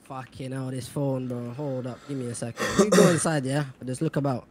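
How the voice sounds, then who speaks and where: A man's voice: medium pitch, steady tone, fairly quick, background noise, lightly acted. A man role-playing an impatient young man, mumbling street slang. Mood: irritated. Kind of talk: game role-play.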